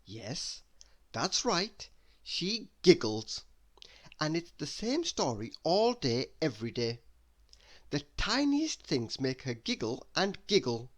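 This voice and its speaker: Man, storyteller, bedtime read-aloud, animated, lively pitch, asks questions. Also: takes it slowly.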